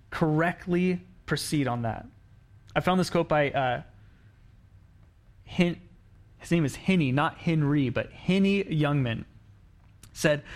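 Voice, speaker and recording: A man giving a sermon as a pastor, talking conversationally and acting out quoted lines in the story he tells. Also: a little high. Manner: conversational preaching, acts out quoted lines, frequent restarts.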